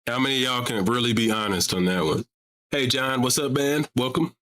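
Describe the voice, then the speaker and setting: A brisk male host with a mid-range, fairly bright voice runs a live call-in stream on religion. He talks casually while repeatedly challenging his audience with rhetorical questions.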